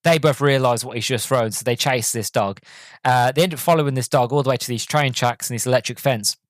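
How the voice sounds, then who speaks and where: A man's voice: mid-range voice, a little fast, no echo. A man hosting a podcast, giving a casual, enthusiastic movie review full of fillers and restarts. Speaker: podcast host.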